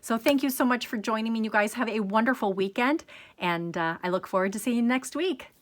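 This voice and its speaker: A woman's voice: on the high side, fairly quick. A middle-aged woman hosting a card-making tutorial, chatty and enthusiastic as she works through each step. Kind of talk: crafting tutorial.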